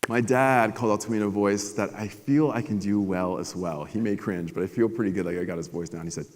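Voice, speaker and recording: Energetic man giving a keynote in a hall. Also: lowish voice, fast. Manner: energetic, animated storytelling. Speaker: keynote speaker. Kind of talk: motivational keynote. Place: large conference hall. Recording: long hall reverb.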